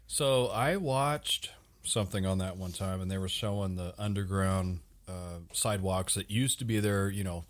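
A man's voice: sits low, moderate pace. A man in casual podcast chat, eager and chatty.

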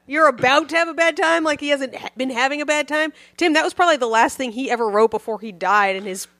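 A woman co-hosting a comedy podcast, teasing the others with quick reactions. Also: high voice, a bit bright, no room sound. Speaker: podcast co-host. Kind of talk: casual comedic chat.

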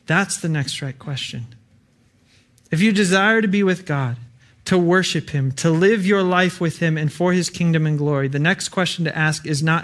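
A man's voice: fairly high pitch, normal speed, a bit bright. A young adult man preaching an earnest, conversational sermon with frequent fillers.

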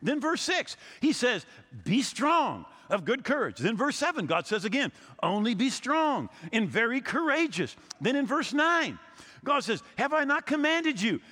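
A man's voice: extremely high pitch, sing-song, a little slow, pushed and bright, in a large hall. A man in his sixties, a pastor preaching a sermon, telling stories and acting out the people he quotes, often repeating his words as he goes. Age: 60s.

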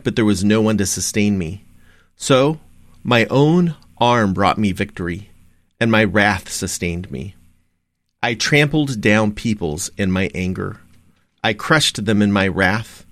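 Low-voiced man reading evening prayer. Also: dry recording, studio quality. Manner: steady, reverent recitation with pauses between phrases. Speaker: liturgical reader. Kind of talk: measured liturgical scripture reading.

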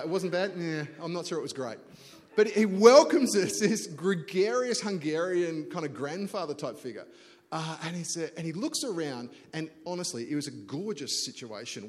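A middle-aged man preaching a sermon as a pastor, chatty and self-deprecating, telling a story and often restarting words. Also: a little high. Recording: long church hall reverb.

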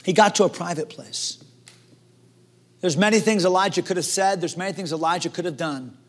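Male pastor with a high voice, preaching in an animated, theatrical way. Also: brisk. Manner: animated preaching, acts out quoted voices, swings from hushed to loud. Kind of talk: sermon.

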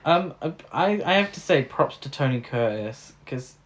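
A man's voice: medium pitch, animated, a little slow, fairly bright tone. Wry man recapping a film. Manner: wry, joking, many um fillers. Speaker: podcast co-host. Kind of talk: casual film recap chat.

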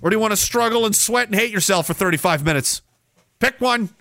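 A man's voice: high voice, fast talker, gravelly, pushed and bright, no echo. Profane sarcastic ranting male podcast host. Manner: profane, sarcastic, goes off on tangents. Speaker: podcast host reading chat messages. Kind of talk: casual ranting livestream talk.

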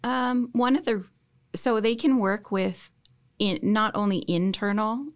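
A woman's voice: mid-range voice, fairly even intonation, unhurried. A woman college business instructor, talking enthusiastically in a podcast interview and laughing often.

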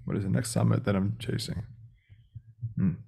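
A man's voice: fairly low pitch, flat delivery, moderate pace, creaky, mellow, slightly rough. A young man speaking as a podcast guest about sales, talking directly and acting out phone calls. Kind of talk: casual interview talk.

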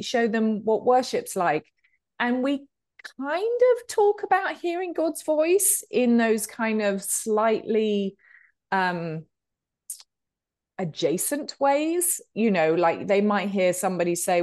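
A woman's voice: medium pitch, dry recording, studio quality. Chatty British woman in her fifties. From Britain. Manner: chatty, warm-humored, many ums. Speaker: podcast guest, author and speaker. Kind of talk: conversational interview.

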